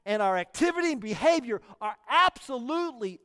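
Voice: medium pitch, animated, brisk, a bit bright, smooth, big-room sound. A pastor preaching a sermon, emphatic and often repeating words for stress.

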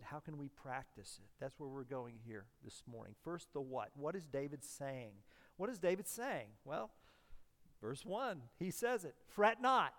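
Pastor, male, high voice, emphatic and repetitive delivery, long hall reverb. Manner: emphatic, repeats key phrases, swings from hushed to loud. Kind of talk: sermon. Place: church sanctuary.

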